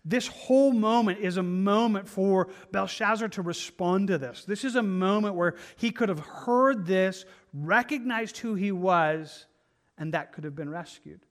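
A man with a fairly high voice preaches to his congregation in a church. He speaks earnestly and with emphasis, sometimes stumbling over repeated words as he drives his point home. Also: measured pace. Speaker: pastor. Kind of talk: sermon. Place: church sanctuary.

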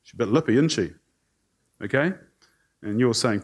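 Animated, joking male preacher. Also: mid-range voice, normal speed, long pauses, breathy edge. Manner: animated, conversational, joking with the congregation. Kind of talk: sermon.

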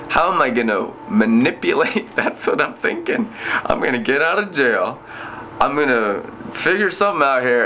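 Missionary man in his thirties, bright forceful voice, lively storytelling testimony. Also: on the high side. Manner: animated, laughs often while telling his story. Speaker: inner-city missionary and broadcaster. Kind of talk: personal faith testimony.

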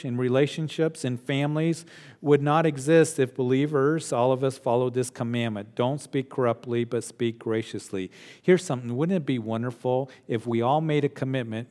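A man preaching a sermon with an animated, emphatic conversational manner. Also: medium pitch. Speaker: pastor. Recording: long hall reverb.

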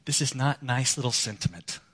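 A man preaching a sermon as a pastor, earnest, moving between emphatic lines and hushed ones. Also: mid-range voice, measured pace. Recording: long hall reverb.

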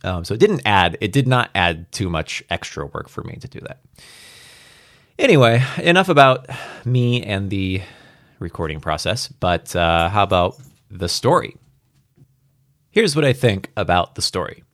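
A man's voice: sits low, very animated, unhurried, a bit bright, no echo, clean studio sound. A man reading a science fiction story aloud and then chatting casually about it, with fillers and laughs. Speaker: audiobook reader. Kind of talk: story narration and casual commentary.

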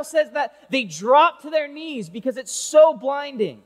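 A male youth pastor tells a Bible story in an animated, chatty way, pausing to fire rhetorical questions at the room. His voice sits high for a man, and each phrase rings out into the long reverb of a large hall. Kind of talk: sermon.

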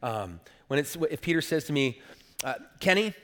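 A man's voice: mid-range voice, very animated, normal speed, fairly bright tone. A man preaching a sermon as pastor, earnest and emphatic, often repeating words as he builds a point. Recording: long reverb of a church hall.

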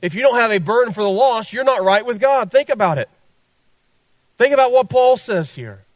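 A man's voice: very high voice, lively intonation, normal speed, no room sound. A man preaching a sermon as pastor, fervent and repetitive, addressing listeners directly.

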